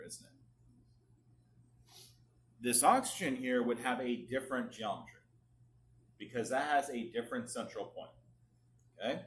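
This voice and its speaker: A male chemistry teacher lecturing a classroom at a medium pitch. He coaxes students with frequent check-ins, and his voice drifts nearer and farther from the microphone as he moves. Faint background noise sits under the recording. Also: a bit bright. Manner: coaxing, asks the class to respond often.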